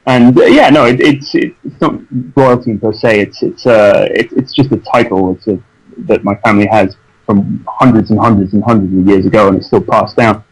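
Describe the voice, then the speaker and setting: A man's voice: fairly low pitch, normal speed, husky, rough recording. Chatty English man, easygoing actor. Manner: chatty, self-deprecating, stumbles on restarts. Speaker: actor guest. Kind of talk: casual interview chat.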